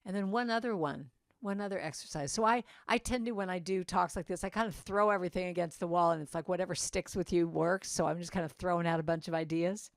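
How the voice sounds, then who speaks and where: A woman's voice: lowish voice, fast talker, few pauses, dry recording, clean studio sound. A woman giving an inspirational talk at a church service, chatty and meandering, with asides to people in the audience. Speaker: guest speaker at a church service. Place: church sanctuary.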